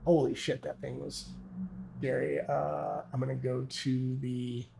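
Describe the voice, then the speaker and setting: A man's voice: mid-range voice, little pitch movement, a little slow, vocal fry, mellow, slight background noise. A man thinking aloud as he plays a solo tabletop game, narrating dice rolls and often stopping to correct himself.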